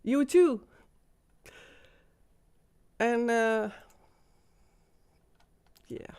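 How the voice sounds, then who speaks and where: Woman hosting a live stream, shaken and intense, slow delivery, fairly high voice. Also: expressive, darkish tone, smooth, dry recording. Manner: intense, insistent, repeats herself. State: shaken and emotional. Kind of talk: emotional live-stream monologue.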